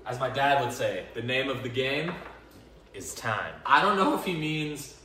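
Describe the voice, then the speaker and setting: A man hosts a cooking vlog in his home kitchen, joking at his own expense as he goes. His voice is bright and jumps around a lot in pitch. It sounds echoey and a bit distant from the mic, with faint kitchen noise behind. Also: big pitch swings, normal speed. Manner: jokey, self-deprecating, rambling with laughs. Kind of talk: casual joking cooking show.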